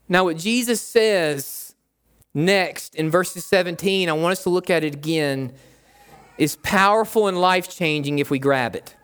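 A young pastor delivers a sermon with a high, light voice. He talks in a loose, conversational way and hammers home repeated phrases. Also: measured pace, fairly bright tone, clean tone.

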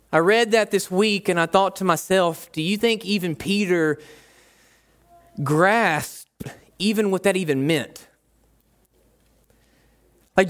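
A man's voice: high-pitched, a bit bright. A young adult man, a pastor, preaching a sermon in a conversational way, repeating phrases for emphasis.

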